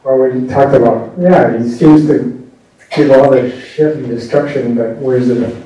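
Man asking a question, super slow and hesitant, dark mellow voice, really echoey and far off. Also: medium pitch, dull audio. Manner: hesitant, halting, many fillers. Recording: very echoey room, distant mic, faint room noise.

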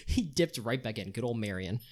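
A man's voice: mid-range voice, fairly quick. A man co-hosting a casual horror podcast, telling a story with a lot of swearing and laughing as he talks. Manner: animated storyteller, swearing, laughing while talking. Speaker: podcast co-host.

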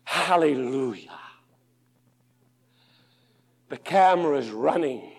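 A man preaching a sermon in an auditorium, slow and impassioned, dropping to a hush and rising to loud pleas. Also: on the high side, animated. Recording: long hall reverb.

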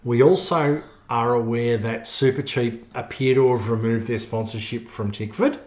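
A boisterous Australian man hosts a casual podcast and jokes crudely as he goes. His voice sits at a middling pitch. The room around him sounds echoey. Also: steady tone, normal speed, darkish tone. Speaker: podcast host. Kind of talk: casual chat.

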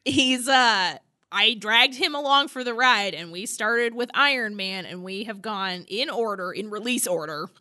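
A woman's voice: medium pitch, measured pace, pushed and bright, dry recording, studio quality. A woman co-hosting a podcast in casual chat, talking in a chatty way and laughing often. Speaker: podcast co-host.

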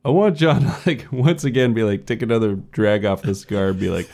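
A man's voice: fairly low pitch, fairly quick, vocal fry, dark tone. A man playing a tabletop role-play game, rambling and full of fillers as he describes his character's moves. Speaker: player.

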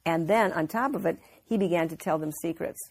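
A woman's voice: lowish voice, fairly quick. A woman giving an informal Bible teaching, telling the story earnestly with frequent restarts.

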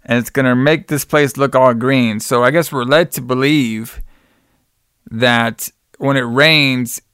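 A man's voice: mid-range voice, steady tone, a little slow, a bit bright, clean tone, dry recording, clean studio sound. Casual male podcast host recapping a film. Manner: loose retelling, acts out quotes in plain voice, calls cohost brother. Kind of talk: casual movie recap chat.

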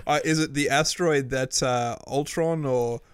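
A man's voice: medium pitch, moderate pace, clear, resonant tone, dry recording, studio quality. A man co-hosting a podcast in casual comedic chat, rambling and hesitant, with many fillers and restarts. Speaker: podcast co-host.

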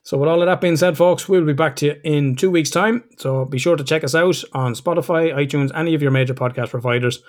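Male podcast host, quick and chatty, swears freely. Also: fairly high pitch. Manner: chatty, swears freely, fast outro plugs. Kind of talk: casual podcast chat.

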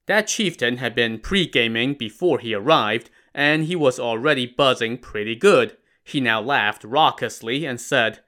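A man's voice: medium pitch, measured pace, few pauses, pushed and bright. A man narrating a classic tale in a casual, wry style with modern slang. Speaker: storyteller.

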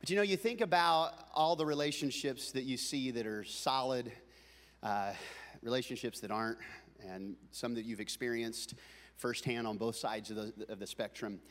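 A man preaching a comic storytelling sermon, animated and building up to shouting. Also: medium pitch, normal speed, long reverb tail. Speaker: pastor.

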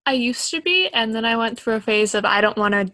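A woman's voice: fairly high pitch, expressive, fairly quick, bright, forceful tone, no room sound. Young woman, podcast co-host, casual explainer, self-deprecating, dry sound. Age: young adult.

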